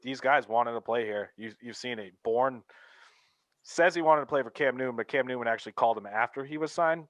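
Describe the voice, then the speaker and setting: Sports talk co-host: a man with a fairly low voice, blunt and dismissive, in a dry, close sound. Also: fairly bright tone, dry recording, rough recording.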